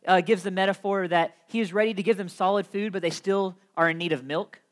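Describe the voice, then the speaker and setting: A young man delivers a sermon from the pulpit. His voice sits high for a man, and he tells his story in an animated way, laughing often and swinging between loud and soft. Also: brisk. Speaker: preacher.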